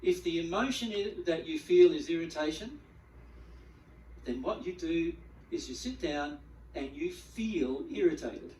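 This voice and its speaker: A man's voice: a little high, measured pace, slight background noise. Guy giving a spiritual talk, acts stuff out, echoey room, mic kinda far off. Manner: animated, acts out quoted feelings, repeats words. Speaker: spiritual teacher. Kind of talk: teaching talk to a group.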